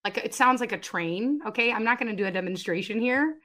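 A middle-aged woman, a guest on a faith interview show, telling her story in an emphatic, animated way with sudden loud bursts. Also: fairly high pitch, brisk. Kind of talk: conversational testimony.

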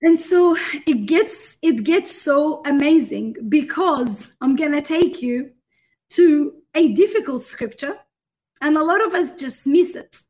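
Woman, high voice, guest minister, emphatic, preaching tone, talks to the host. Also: lively intonation, slow, darkish tone. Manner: fervent and emphatic, addresses the host directly. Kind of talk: interview answer in a preaching manner.

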